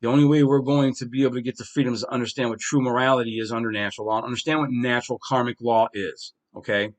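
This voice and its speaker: A man's voice: medium pitch, steady tone, fast talker. A man hosting his own podcast, delivering a heated, profane solo monologue with strong emphasis. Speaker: podcast host.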